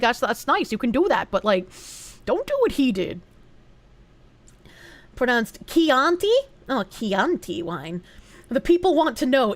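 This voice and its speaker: A woman's voice: on the high side, no echo. A young woman streamer chatting casually, reading donation messages aloud, thanking supporters and swearing freely. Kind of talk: casual livestream chat.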